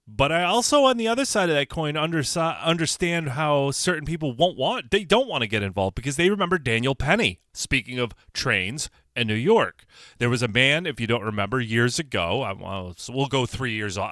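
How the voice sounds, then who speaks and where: A man from Connecticut hosts a solo podcast in a blunt, profane, rambling way. His pitch leaps up and drops back down as he gets worked up, and the sound is dry and close with no room around it. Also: no echo. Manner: blunt, animated, swears and repeats himself. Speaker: podcast host. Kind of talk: casual solo commentary.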